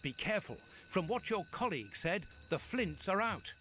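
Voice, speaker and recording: A man's voice: high voice, very animated, moderate pace, bright, forceful tone, a little hiss or hum, full character voice. An actor playing an earnest, loyal male doctor sidekick in a video game, a little anxious.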